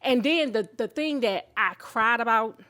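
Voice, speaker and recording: Fifties woman, slightly high-pitched, candid and emotional personal testimony with faith. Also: measured pace. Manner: heartfelt, candid, emotional storytelling; faith-filled and expressive. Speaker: show host sharing her own story.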